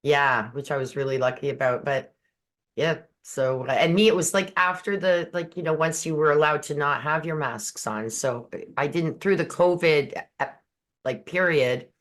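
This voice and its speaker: A podcast host chatting casually, with hesitant pauses and fillers. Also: medium pitch, fairly bright tone. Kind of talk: podcast conversation.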